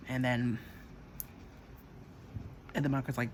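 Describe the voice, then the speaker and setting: A man's voice: medium pitch, moderate pace, noisy background. Rambling guy telling a story. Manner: rambling with fillers and swearing, acting out quotes. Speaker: channel host. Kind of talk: casual storytelling.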